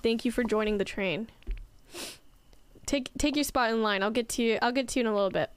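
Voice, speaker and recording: A woman's voice: on the high side, brisk, smooth, no echo. A young woman streaming a video game, chatting casually and giggling as she answers her viewers. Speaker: livestreamer. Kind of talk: casual gameplay chat with viewers.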